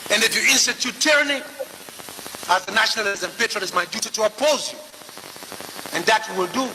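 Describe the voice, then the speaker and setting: A man giving a forceful public political speech to a crowd. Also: sits high, fast, in a large hall, slight background noise, low-quality recording. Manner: forceful oratory.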